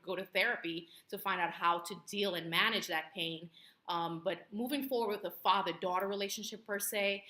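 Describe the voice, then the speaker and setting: A woman's voice: fairly low pitch, pushed and bright, reverberant. Earnest, reflective woman guest. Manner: earnest and reflective, with many fillers. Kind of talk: casual interview.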